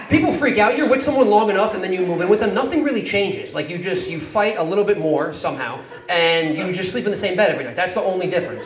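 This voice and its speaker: A young man on a club stage rattles through a stand-up set at high speed, his voice sitting a little high for a man. He swears freely and keeps checking in with "right?" The room rings with echo, and a crowd laughs loudly in the background. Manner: fast, profane storytelling, tags lines with "right?". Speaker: stand-up comedian. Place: comedy club stage with a live audience. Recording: echoey club with audience laughter.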